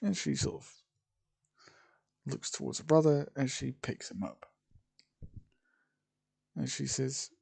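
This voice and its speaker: A man's voice: mid-range voice, lively intonation, takes it slowly, vocal fry, long pauses, darkish tone, husky. A man narrating an improvised fan story, rambling with frequent fillers and restarts. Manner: rambling, full of "sort of" and "well".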